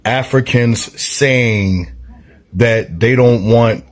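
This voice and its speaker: A man giving reflective vlog commentary, measured and reasoning, with pauses and fillers. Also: mid-range voice.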